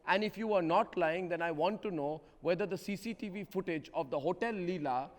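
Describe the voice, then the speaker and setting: Male news anchor, high voice, pushy and combative, fires off rhetorical questions, long reverb on the studio sound. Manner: forceful, rapid-fire rhetorical questions. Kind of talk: heated TV news debate.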